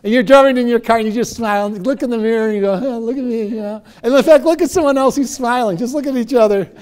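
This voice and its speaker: A middle-aged man, a motivational speaker, giving an energetic, joking talk to a live audience and leading it in exercises. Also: extremely high pitch, fast talker, smooth.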